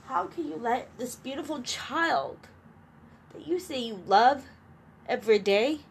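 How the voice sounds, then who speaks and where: A woman's voice: on the high side, slight background noise. A middle-aged woman talking to her camera in an earnest, emotional, rambling way, with restarts. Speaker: vlogger. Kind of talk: personal vlog confiding about co-parenting struggles.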